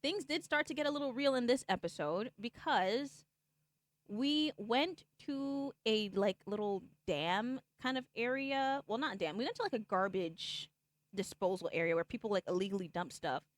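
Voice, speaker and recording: A woman's voice: fairly high pitch, lively intonation, normal speed, no room sound. A woman streamer casually recapping a game's story for viewers, rambling with lots of "like" and "okay?" and acting out the characters' lines. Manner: acts out characters' lines in the retelling.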